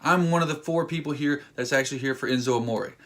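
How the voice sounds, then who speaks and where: A man vlogging a casual story in an excitable, rambling way, acting out what people said. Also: mid-range voice, quick pace. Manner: excitable, rambling, acts out quotes.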